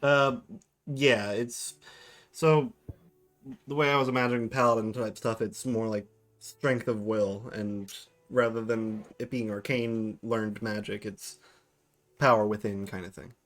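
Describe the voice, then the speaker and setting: A man's voice: fairly low pitch, steady tone, a little slow, fairly bright tone. A man, game master, narrating a tabletop game and often restarting his sentences. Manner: hesitant, restarts often while describing. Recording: music bed under voice.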